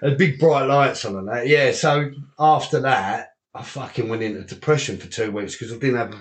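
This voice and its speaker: A man's voice: medium pitch, normal speed. Man swearing through boxing tales. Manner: swears often, laughs through anecdotes. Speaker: guest, unlicensed boxer and promoter. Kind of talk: casual storytelling interview.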